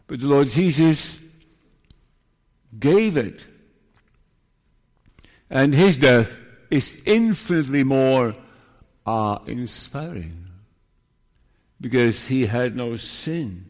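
Slow, solemn preacher man in a reverberant hall. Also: medium pitch, big pitch swings. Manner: slow, deliberate preaching with solemn hushed passages and emphatic rises. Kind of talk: sermon.

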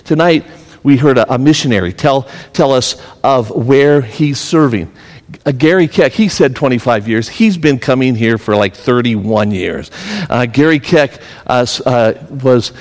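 A man preaches to his congregation, slipping from quiet personal stories into emphatic, building exhortation. His voice sits in a middle register. The sound carries a long reverb from a large church hall. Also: medium pitch, expressive, measured pace. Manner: storytelling, rising to emphatic preaching. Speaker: pastor. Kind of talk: sermon.

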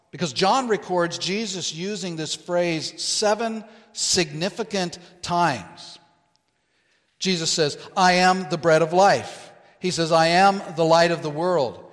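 Slow, deliberate male preacher in a reverberant hall. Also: a little high, fairly bright tone. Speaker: pastor. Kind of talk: sermon.

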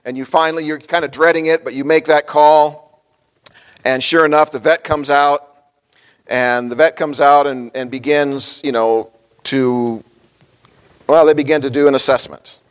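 A man's voice: a little high, steady tone, moderate pace, clear, resonant tone. A middle-aged man, a pastor, preaching a sermon in a folksy storytelling way, with many fillers and small chuckles.

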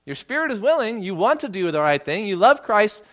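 A male preacher delivering a verse-by-verse sermon. His voice sits fairly high and swings widely in pitch as he presses his points home. The recording sounds dull and lo-fi. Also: very animated, fairly quick. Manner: emphatic, rising into dramatic readings of quoted lines. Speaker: pastor. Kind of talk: expository Bible sermon.

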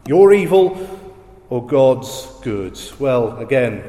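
A man preaching a sermon, slow and emphatic, leaning on repeated phrases. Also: medium pitch, sing-song, warm tone. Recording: roomy hall echo.

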